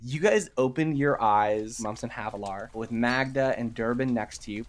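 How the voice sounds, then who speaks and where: A man's voice: mid-range voice, normal speed, hardly any pauses. A man narrating a tabletop role-playing game as game master, in a loose, casual way. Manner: loose, casual narration with put-on character lines.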